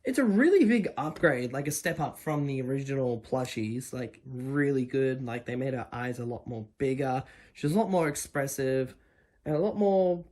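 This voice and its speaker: A young woman with an Australian accent, chatting casually and jokingly as she shows off her plush collection in a vlog. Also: rumbling low. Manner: chatty, animated, jokey and self-deprecating. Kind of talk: casual show-and-tell vlog.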